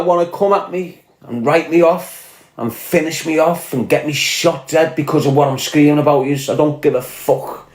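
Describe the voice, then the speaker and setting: A man's voice: on the high side, reverberant. A man with a Scouse accent from Liverpool, delivering an angry, profane, confrontational rant to camera. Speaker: online commentator.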